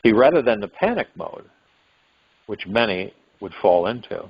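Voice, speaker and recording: A man with a fairly low, slightly rough voice and big pitch swings hosts a spiritual meditation call at a moderate pace. His talk rambles and muses, with sudden rises into acted-out quotes of what people might say, carried over a phone line in dull, lo-fi quality.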